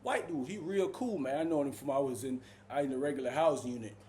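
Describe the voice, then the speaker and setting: A man from Jamaica telling a story casually, animated and full of slang, calling the listener bro. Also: medium pitch, fast talker.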